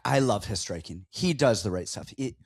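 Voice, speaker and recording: A man's voice: fairly low pitch, expressive, moderate pace, vocal fry, slightly rough. A man co-hosting a casual podcast, breaking down fights and joking around in a rambling way. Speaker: podcast co-host.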